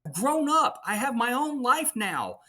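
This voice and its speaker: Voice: medium pitch, sing-song, unhurried, pushed and bright, pitched above the performer's own voice, full character voice. A man voicing a defiant teenage boy from a cartoon film, quoting him in a raised voice. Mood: exasperated. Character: teenage boy snapping at his father, defiant.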